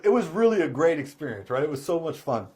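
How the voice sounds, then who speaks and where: Middle-aged guy, car sales trainer telling a story, lively, laughs a lot, voice sits a bit high. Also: fast talker. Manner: animated, laughs while telling. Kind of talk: casual storytelling.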